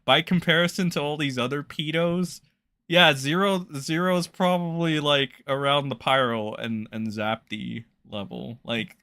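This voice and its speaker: A man's voice: a little high, steady tone, a little slow, pushed and bright, clear, resonant tone. A man doing casual livestream commentary, blunt and profane, rambling loosely as he reacts to chat. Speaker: streamer reacting to drama.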